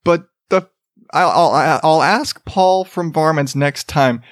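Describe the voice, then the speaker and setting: A man's voice: on the high side, takes it slowly, no room sound, clean studio sound. Profane, laughing male podcast host. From Arizona, US. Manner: laughing, profane, rambling, mocking. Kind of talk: casual comedic commentary.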